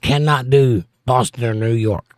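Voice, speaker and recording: A man's voice: medium pitch, fairly even intonation, moderate pace, no room sound, studio quality. A middle-aged man with a Southern accent, hosting a livestream and joking as he reads viewer comments aloud. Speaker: livestream host. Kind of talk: casual chat.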